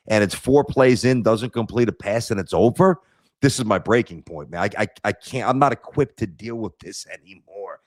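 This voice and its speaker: A man's voice: mid-range voice, no room sound, clean studio sound. A middle-aged man with a New York accent, telling stories bluntly as a guest on a sports podcast, with stammered restarts. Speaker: sports radio host, guest. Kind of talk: casual podcast chat.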